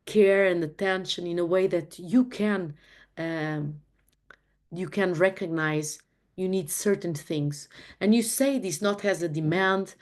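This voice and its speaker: Earnest low-voiced woman teaching. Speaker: host leading a relationship talk. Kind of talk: reflective teaching talk.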